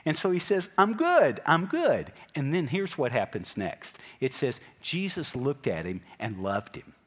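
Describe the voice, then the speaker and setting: A pastor preaching a sermon in a church, talking in an animated way and putting direct questions to his congregation. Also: medium pitch. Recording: long hall reverb.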